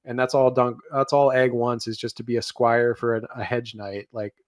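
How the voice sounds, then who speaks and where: A man co-hosting a podcast, chatting casually and retelling scenes with animated bits of character voices. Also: medium pitch, moderate pace, dry recording, studio quality. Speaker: podcast co-host. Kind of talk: casual show review chat.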